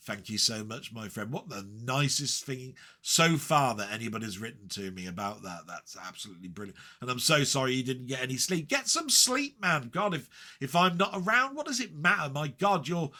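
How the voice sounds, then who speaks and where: A man's voice: mid-range voice, lively intonation, normal speed, sharp tone. A man chatting on his gaming vlog, reading out viewer comments with joking, sweary banter and lots of rambling fillers. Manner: rambling with many fillers and restarts. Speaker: retro gaming vlogger.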